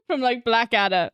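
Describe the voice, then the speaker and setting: A woman's voice: on the high side, fairly bright tone, clean tone, no room sound. A woman voice actor chatting casually on a live stream, rambling with lots of fillers.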